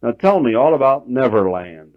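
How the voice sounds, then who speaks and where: A man's voice: mid-range voice, very animated, normal speed, close to an everyday voice. A man voicing a polite, prim young girl on an old home audiotape, raising his voice for her. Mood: pleased. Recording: dull 1960s home audiotape.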